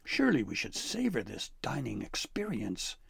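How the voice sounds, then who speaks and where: Gristle, a man doing a gravelly female troll. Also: wildly swooping pitch, normal speed, dry recording, studio quality, heavily acted. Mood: coaxing. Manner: sugary, gloating endearments, high and breathy. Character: greedy female troll, fussy and gloating.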